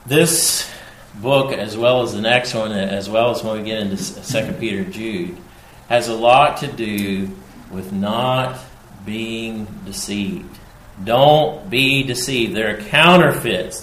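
Slow deliberate preacher guy, repeats his points, echoey room, faint hum behind. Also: lowish voice, fairly bright tone. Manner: slow and emphatic, repeating key phrases. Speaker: pastor. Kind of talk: sermon.

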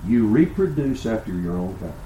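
Older preacher in an echoey church. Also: male voice, fairly low pitch, sing-song, normal speed, warm tone, slight background noise. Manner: preaching with rhetorical questions and storytelling. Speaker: pastor. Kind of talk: sermon. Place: church sanctuary.

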